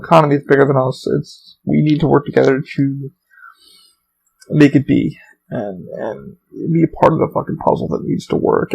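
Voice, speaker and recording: A man's voice: fairly high pitch, creaky, a little mellow, slight background noise, poor audio. A man hosting a podcast, telling work stories in a rambling, profane, casual monologue. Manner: profane, storytelling, rambling with restarts. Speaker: podcast host; theme park employee.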